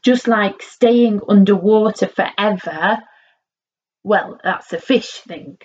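Lady doing a calm patient frog dad, slow and gentle, a bit lo-fi. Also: medium pitch, slightly rough. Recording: slightly dull lo-fi recording.

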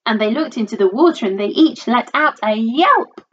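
A woman reading a rhyming storybook aloud in a lilting, rhythmic, expressive voice, on a dull lo-fi recording. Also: on the high side, moderate pace.

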